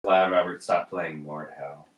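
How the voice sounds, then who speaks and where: Man, casual family chat, animated stories, echoey room, off-mic. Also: deep voice, unhurried. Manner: animated storytelling with exaggerated asides. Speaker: podcast co-host. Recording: roomy, distant mic.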